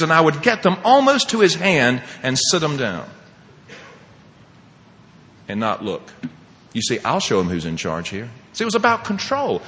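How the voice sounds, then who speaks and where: A man sharing his personal recovery story as a speaker at a meeting, animated and laughing often, swinging between loud and hushed. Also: on the high side, normal speed, pauses often, in a large hall.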